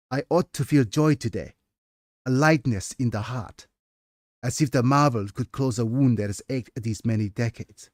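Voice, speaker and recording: A man voicing a solemn, aging male witness who reflects wearily on the past, reading his own fiction slowly and gravely. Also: mid-range voice, a little mellow, no echo, studio quality, lightly acted.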